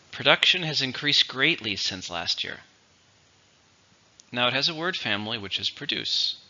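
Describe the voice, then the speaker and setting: A man teaching English vocabulary, explaining words slowly and clearly in a teacherly way. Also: on the low side, pushed and bright, dull audio. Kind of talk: vocabulary lesson.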